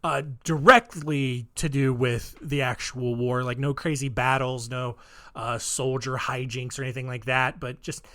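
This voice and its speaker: A man's voice: mid-range voice, steady tone, measured pace, fairly bright tone. A man hosting a solo podcast, telling stories in a rambling, offhand way full of ums and wry asides. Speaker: podcast host. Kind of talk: casual solo podcast storytelling.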